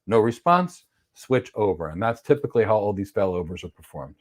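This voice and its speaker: A man's voice: lowish voice, lively intonation, fairly quick, few pauses, a little mellow. A man teaching a cloud certification course on a livestream. He reads viewer questions aloud and answers them bluntly, with strong opinions and playful acted-out examples. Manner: acts out examples in playful voices.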